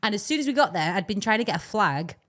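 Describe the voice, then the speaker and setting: A woman's voice: medium pitch, big pitch swings, fast, fairly bright tone. A young woman, co-hosting a podcast in casual, rambling chat and laughing often. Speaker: podcast co-host.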